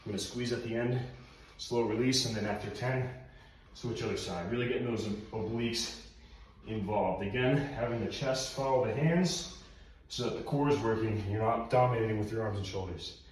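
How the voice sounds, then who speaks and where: A man's voice: on the low side, moderate pace, distant mic. A man coaching a band workout while he does the exercises himself, audibly out of breath. His voice bounces around a very echoey room. He sounds set back from the mic, with faint background noise behind him. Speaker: personal trainer. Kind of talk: workout instruction. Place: room at home.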